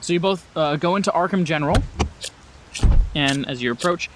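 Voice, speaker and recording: Halting tabletop game master, noisy recording. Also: male voice, fairly high pitch. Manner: relaxed, halting narration with restarts.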